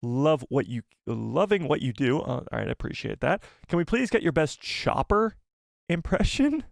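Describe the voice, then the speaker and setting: A man hosting a live fan show, chatting casually, reading donation messages and reacting with animated repeats. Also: a little high, normal speed, gravelly, no room sound, studio quality. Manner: animated, exclaiming, repeats himself.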